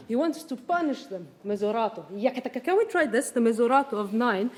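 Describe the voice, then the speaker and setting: High-voiced woman conductor in a hall. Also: animated, brisk, a little mellow. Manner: sings out rhythms, coaching and encouraging. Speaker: orchestra conductor. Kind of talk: orchestra rehearsal instructions. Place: concert hall with orchestra. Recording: reverberant hall, orchestra behind.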